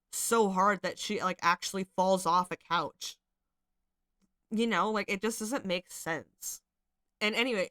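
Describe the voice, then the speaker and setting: A woman's voice: medium pitch, pushed and bright, clear, resonant tone, dry recording, clean studio sound. A woman hosting casual commentary, reading out screenshots and reacting, chatty and swearing freely with many fillers. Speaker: commentary channel host.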